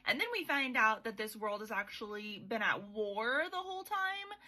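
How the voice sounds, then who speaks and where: Bright-voiced woman, chatty and irreverent. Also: a little high, animated, moderate pace, low-quality recording. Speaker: podcast host. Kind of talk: casual book recap.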